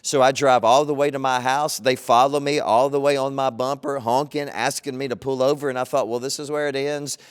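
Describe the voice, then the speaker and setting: A male pastor delivers a sermon in a relaxed, storytelling manner. His voice is smooth and resonant, at a middle pitch. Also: brisk, hardly any pauses. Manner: conversational storytelling.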